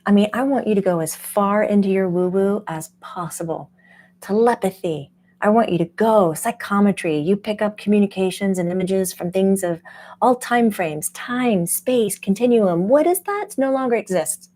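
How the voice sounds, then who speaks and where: A woman who hosts a spiritual channel as a medium, teaching casually in an animated way and laughing often. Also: mid-range voice, normal speed. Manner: animated, laughs often, acts out quoted voices.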